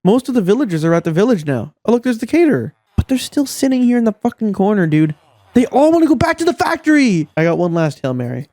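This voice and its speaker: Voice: mid-range voice, sing-song, quick pace, darkish tone, dry recording. A gameplay commentator talking casually, exasperated and swearing often, scolding game characters, with the voice leaping up when frustrated.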